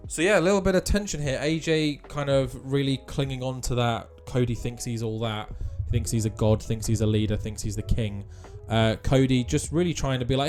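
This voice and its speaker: A man's voice: mid-range voice, fairly quick, few pauses, a little mellow, soft background music. A man giving casual, offhand commentary on a wrestling game.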